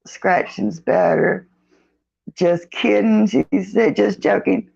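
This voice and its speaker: A middle-aged woman chatting casually on a live stream, reading out the live chat and greeting viewers by name in a folksy, drawn-out way. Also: medium pitch, fairly even intonation, gravelly, a little mellow, slightly rough, highs cut off.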